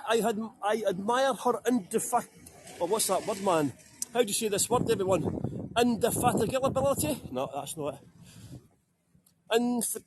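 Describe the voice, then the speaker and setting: Scottish male tour guide, very high voice, chatty and joking, outdoors on a phone with faint street ambience. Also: fairly bright tone, a little hiss or hum. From Scotland. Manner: chatty, jokey, greets viewers by name. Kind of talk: live-streamed walking tour.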